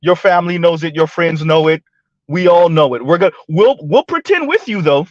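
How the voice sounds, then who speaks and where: A man's voice: fairly high pitch, steady tone, a little fast, no echo, highs cut off. A man, giving blunt casual commentary to a live chat and often asking "right?". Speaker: live stream host.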